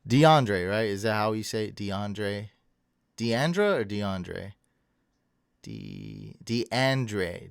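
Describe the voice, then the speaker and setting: A man's voice: fairly low pitch, vocal fry, smooth, no echo, studio quality. Chatty man hosting a late-night livestream. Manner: chatty, rambling, thanks viewers and stumbles over names. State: tired. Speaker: livestream host. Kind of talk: casual livestream chat reading viewer comments. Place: home room.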